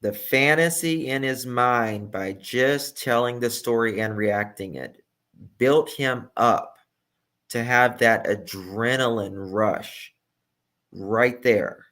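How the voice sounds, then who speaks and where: A man's voice: mid-range voice, takes it slowly, fairly bright tone. A man giving emphatic true crime reaction commentary and repeating his key points.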